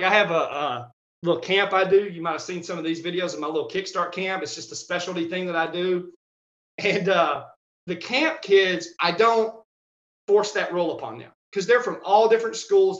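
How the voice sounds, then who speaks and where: A man who coaches strength at a high school, telling stories in a casual podcast chat, animated and acting out quotes with laughs. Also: brisk. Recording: roomy, slightly dull audio.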